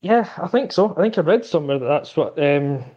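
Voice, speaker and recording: A man, a guest on a football podcast, talking in a relaxed, rambling way. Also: fairly high pitch, fairly quick, dull audio. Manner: relaxed, rambling, laughs easily. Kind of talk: casual football chat.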